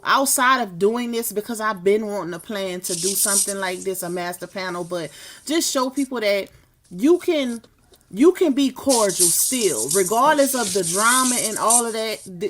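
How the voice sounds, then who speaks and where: A woman's voice: medium pitch, moderate pace, noisy background. A woman hosting a livestream, signing off in a casual, chatty way, often repeating words as she thanks guests and viewers. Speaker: livestream host.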